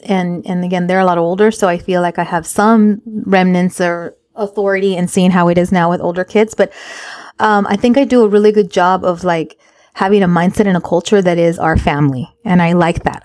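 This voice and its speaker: A woman's voice: fairly low pitch, no room sound. A woman in her forties co-hosting a candid podcast chat, telling stories with emphasis and acting out her family's lines. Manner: animated storytelling, acts out her own and her kids' lines; emphatic, repeats phrases for stress. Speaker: podcast co-host.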